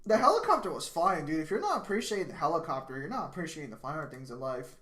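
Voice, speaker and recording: A man streaming live, chatting casually and excitedly, swearing often and breaking into laughter. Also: on the high side, fast.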